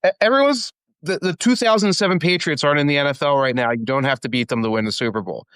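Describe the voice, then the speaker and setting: Male co-host, smooth clear voice, wry joking delivery, dry close sound. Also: a little high, lively intonation, fast talker, fairly bright tone, dry recording. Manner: wry, joking, stumbles and repeats words. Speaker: podcast co-host. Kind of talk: casual sports podcast chat.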